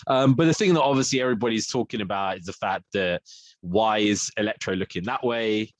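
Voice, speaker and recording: A man's voice: on the low side, a little fast, no room sound. A man co-hosting a casual film podcast, rambling with lots of fillers and frequent laughs. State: frog in his throat. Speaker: podcast co-host. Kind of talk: casual chat.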